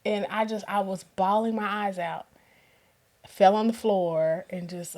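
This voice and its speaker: A woman's voice: medium pitch, a little slow. A woman telling a personal story in casual conversation, acting out the voices of other people with laughter. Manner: animated, acts out quoted voices with laughter. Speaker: guest.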